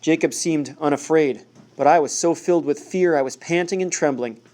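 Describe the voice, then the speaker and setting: Mellow male audiobook narrator. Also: fairly high pitch, moderate pace. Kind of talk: first-person novel narration.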